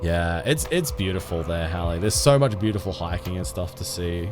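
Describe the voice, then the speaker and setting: A man's voice: deep voice, lively intonation, normal speed, over music. A young man livestreaming a game, chatting casually and self-deprecatingly with viewers, often restarting his sentences. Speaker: game streamer.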